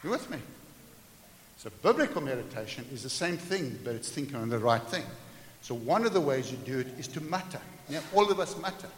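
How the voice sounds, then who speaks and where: A man preaching a sermon to a congregation, animated, acting out everyday scenes and joking with his listeners. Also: medium pitch, fairly quick. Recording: echoey hall with faint hiss.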